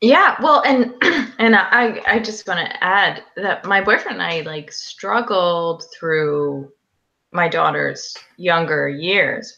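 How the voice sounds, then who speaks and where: Woman, panel host, casual chat, bright voice, low-ish pitch, filler words, muffled video call audio. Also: gravelly. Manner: chatty, laughing often, many fillers.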